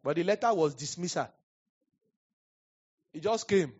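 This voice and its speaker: A man with a Nigerian accent preaching a sermon, telling animated stories and laughing often. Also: fairly high pitch, unhurried, slightly rough. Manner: animated storyteller, laughs often, acts out quotes. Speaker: pastor. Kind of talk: sermon with storytelling. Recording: dull lo-fi sound.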